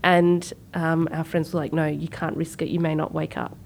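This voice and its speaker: Woman, thirties, podcast co-host; low, slightly fried voice, chatty storyteller who acts out quotes. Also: level tone, normal speed, gravelly, darkish tone, slight background noise. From Sri Lanka. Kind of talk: casual conversational storytelling.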